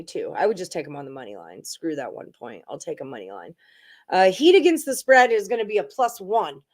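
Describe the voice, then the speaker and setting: A woman hosting a casual sports betting livestream, rattling off odds and percentages and chatting with viewers. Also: fairly low pitch. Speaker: sports betting show host. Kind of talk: casual livestream chat about betting picks.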